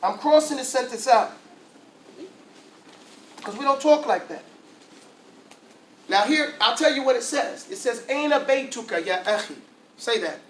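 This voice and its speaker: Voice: medium pitch, lively intonation, a little slow, pauses often, a little hiss or hum. An Arabic teacher, teaching a class casually in slangy talk and often checking that everyone follows. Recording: echoey room from far off.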